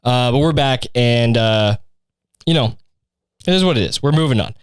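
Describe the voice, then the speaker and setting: A man's voice: mid-range voice, normal speed, clean tone, dry recording, studio quality. A young man hosting a solo podcast, rambling crudely with constant profanity. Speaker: podcast host. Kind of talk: casual solo podcast rant.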